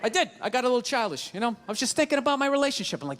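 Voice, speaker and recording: A man's voice: extremely high pitch, very animated, rapid-fire, few pauses, fairly bright tone. A man performing a stand-up comedy routine, telling a story with exasperated, mock-quoted rants.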